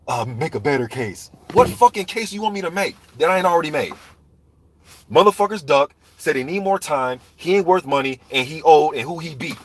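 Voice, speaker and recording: A man's voice: on the high side, expressive, brisk. A man ranting heatedly and profanely about boxing, talking straight to viewers in a live chat. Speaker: boxing commentator. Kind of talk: ranting live stream commentary.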